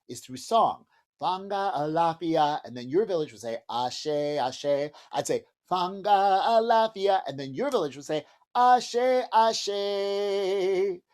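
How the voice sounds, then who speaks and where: A man's voice: fairly high pitch, expressive, normal speed. A man teaching a music lesson to preschoolers, speaking cheerfully and directly to young children, with singing and drumming between explanations. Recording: home video with drum and banjo music.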